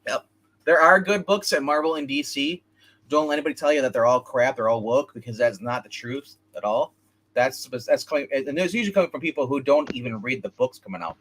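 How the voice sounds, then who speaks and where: Medium-pitched, fairly quick and a bit bright, this man co-hosts a relaxed comics livestream. His talk is rambling and opinionated, aimed at both his co-host and the audience.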